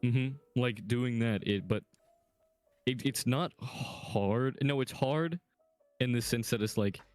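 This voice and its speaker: Young guy cohosting a podcast, kinda slurs his words, mid pitch, laid back. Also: slow, no echo, faint music behind. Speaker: podcast co-host. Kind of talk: casual chat.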